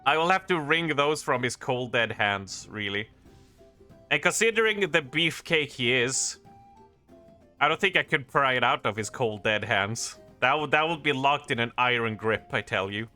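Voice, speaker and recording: Chatting with viewers during a live game stream, this man jokes, rambles and regularly laughs at himself. His mid-range voice is expressive, pushed and bright at a normal pace, with soft music in the background.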